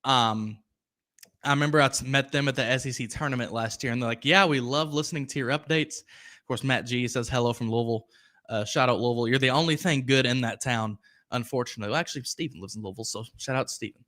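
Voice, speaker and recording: A man's voice: mid-range voice, fast talker, bright, forceful tone. A young man hosting a sports podcast, chatting casually, rambling off on tangents and reading viewer comments aloud. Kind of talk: casual live-stream commentary.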